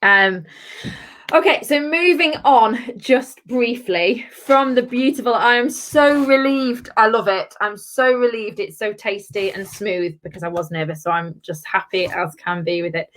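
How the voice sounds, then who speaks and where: A woman's voice: medium pitch, a little slow, a bit bright. A woman hosts a live-stream drinks review from her home, picked up on a laptop or webcam mic. She talks in a gushing, chatty way. She keeps calling out to her viewers by name as she goes. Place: at home, with her children wandering in.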